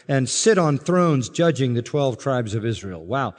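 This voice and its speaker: A man's voice: mid-range voice, expressive, a little slow, hardly any pauses, in a large hall. A male pastor preaching an expository sermon, reading scripture aloud and building to emphatic peaks on key lines.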